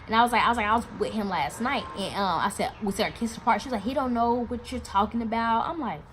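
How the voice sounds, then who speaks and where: Animated young woman telling a storytime. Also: slight background noise. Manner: animated, swearing, acts out quotes in a louder higher voice. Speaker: vlogger. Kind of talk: casual storytime.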